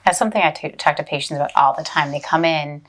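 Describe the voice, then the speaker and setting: A woman with a notably low voice hosts a podcast conversation. She asks curious questions, laughs easily and keeps the tone relaxed and chatty. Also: quick pace. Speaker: podcast host and doctor. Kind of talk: casual podcast interview.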